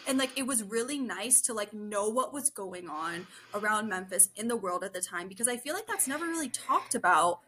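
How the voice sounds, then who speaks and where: A woman's voice: mid-range voice, expressive, a little fast, few pauses, sharp tone, slight background noise. A young woman co-hosting a podcast, chatting casually and emphatically with lots of filler words. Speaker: podcast co-host. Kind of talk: casual chat.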